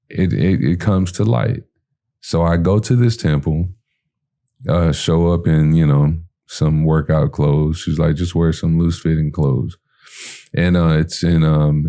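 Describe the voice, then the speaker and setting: A man from telling a personal story in a casual way, acting out the lines of the people in it and using lots of fillers. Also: rumbling low. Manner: animated storyteller who acts out his own and others' lines with fillers.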